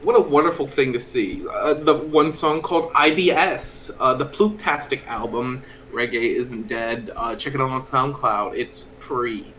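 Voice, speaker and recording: A man's voice: mid-range voice, unhurried, hardly any pauses, a bit bright, slight background noise, low-quality recording. A man playing a tabletop game, joking around in a playful, mock-dramatic way. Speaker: player. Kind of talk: joking casual chat.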